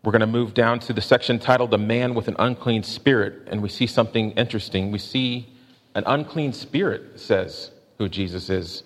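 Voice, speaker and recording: Man preaching in a reverberant hall. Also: on the low side. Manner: measured, slows down to stress questions and quotes. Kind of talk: sermon.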